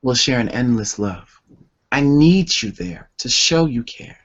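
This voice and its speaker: A man reads poetry at an unhurried, measured pace, lingering over each line with deep feeling. The sound is dull and lo-fi, like an older internet radio show. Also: animated, gravelly. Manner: slow, deliberate, emotional delivery. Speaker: poet and author guest. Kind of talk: slow poetry reading and chat.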